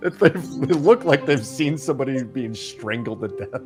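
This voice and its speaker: A man co-hosting a loose talk show, chatting in a rambling, joking way with lots of restarts. His voice sits at an ordinary middle pitch, and some music plays faintly behind him. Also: lively intonation, normal speed. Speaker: podcast co-host. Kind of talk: casual chat.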